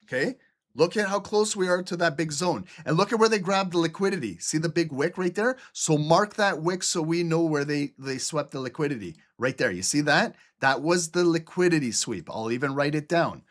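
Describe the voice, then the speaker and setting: Man from Albania, lively live-stream trading instructor, slightly higher voice, casual and repetitive. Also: moderate pace. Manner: animated, repeats "okay?" and "look", casual swearing. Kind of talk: live screen-share trading lesson.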